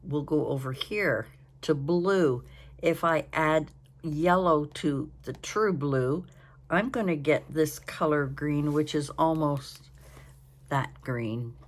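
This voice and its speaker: Tired, slow-talking older woman. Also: low voice. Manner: chatty, rambling, yawning, apologetic. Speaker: craft channel host. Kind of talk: casual crafting vlog. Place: home.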